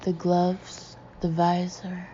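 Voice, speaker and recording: A woman's voice: lowish voice, completely flat delivery, slow pace, dark tone, a little hiss or hum. A woman voicing a haunted, entranced young woman. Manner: thin, haunted, emotionless murmur. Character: terrified young woman in a deep trance. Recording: dull lo-fi audiobook recording.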